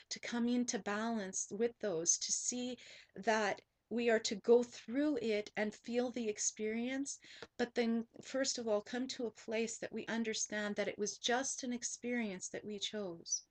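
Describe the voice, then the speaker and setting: A woman's voice: fairly high pitch, steady tone, measured pace. A woman spiritual teacher telling a personal story in an earnest monologue, often repeating herself and restarting sentences.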